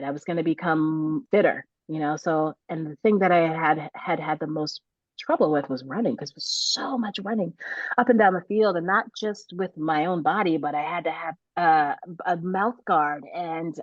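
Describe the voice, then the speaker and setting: A middle-aged woman tells a story in a casual interview, her voice sitting fairly low. She is animated, laughs often and restarts her sentences. The recording is dry and slightly dull. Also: no room sound. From United States. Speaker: author guest.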